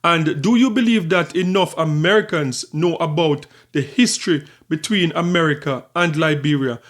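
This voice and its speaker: A man's voice: a little high, normal speed, fairly bright tone. A man hosting his own channel, talking through his thoughts in casual commentary and often repeating and restarting phrases. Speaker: channel host.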